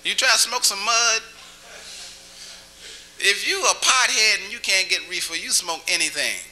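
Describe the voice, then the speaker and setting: A man's voice: high-pitched, moderate pace, sharp tone, poor audio. A man doing stand-up comedy in a small cafe, chatty and teasing the audience with questions, sometimes breaking into a crooning song. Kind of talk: stand-up comedy with crowd work.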